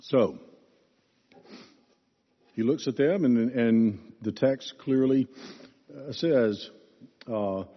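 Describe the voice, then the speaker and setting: A man preaching a sermon as pastor, teaching in an expressive, emphatic way. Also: medium pitch, very slow, pauses often. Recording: reverberant hall, dull lo-fi sound.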